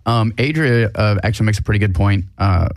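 A man's voice: lowish voice, brisk, no echo, clean studio sound. A man hosting a casual podcast chat, steering the talk and reading out listener comments.

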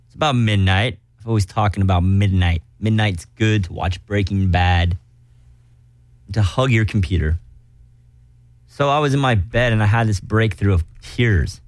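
A man's voice: fairly low pitch, normal speed, no room sound. A man hosting a casual comedic podcast from a small studio, rambling and self-mocking. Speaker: podcast host. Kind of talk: casual comedic radio chat.

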